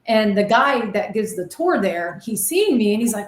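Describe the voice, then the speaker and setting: In an echoey room, a woman with a medium-pitched voice speaks at a normal speed. She's a medium and ghost hunter appearing as an interview guest, and she tells her stories with animated excitement, dramatically re-enacting the voices she remembers.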